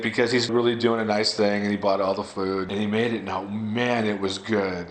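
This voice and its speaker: A man's voice: lowish voice, little pitch movement, brisk, a little hiss or hum. A man chatting about hosting guests in a casual interview. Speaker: interviewee, couch-surfing host. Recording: echoey room.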